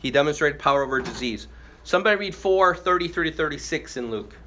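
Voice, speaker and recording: A man's voice: a little high, expressive, fast talker, pushed and bright. A man teaching a group Bible study, prompting readers and asking questions, who affirms their answers. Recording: slightly muffled with faint hiss.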